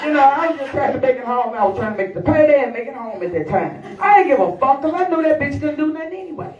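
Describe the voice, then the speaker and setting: A woman's voice: high-pitched, animated, quick pace, a little mellow, roomy sound. Brash potty-mouthed woman telling a story onstage, mic far off, dull live recording. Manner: profane, brash, talks to the crowd. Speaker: stand-up comedian. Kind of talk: stand-up storytelling.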